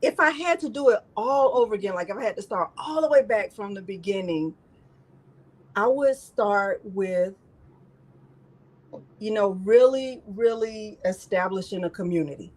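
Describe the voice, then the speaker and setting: A woman's voice: mid-range voice, normal speed, darkish tone, poor audio. A woman hosting a live crafting stream in casual chat, rambling and emotional, often repeating herself.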